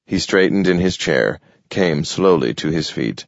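A man narrating a story in a slow, measured way. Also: low-pitched, expressive, vocal fry, no room sound. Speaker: audiobook narrator. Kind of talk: scripted narration. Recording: dull lo-fi audio, dry.

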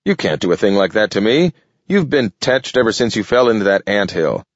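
A fretful, hunted raccoon whines and pleads in a quick, climbing voice, as a man reads him in a storybook. The sound is dull and lo-fi, bone-dry with no room around it. He talks over himself in a hurry, pushing higher when he begs. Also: big pitch swings, dry recording. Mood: grumbling. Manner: fast, pleading, rising pitch.

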